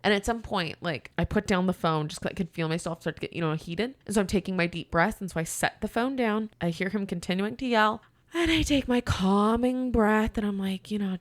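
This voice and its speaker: A woman guest on a podcast, telling a story in a casual, animated way and acting out both sides of a phone call. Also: mid-range voice, fairly quick, no echo.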